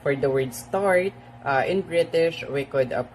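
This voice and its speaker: A student giving a class presentation, halting and full of "uh" fillers. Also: mid-range voice, a little hiss or hum, poor audio.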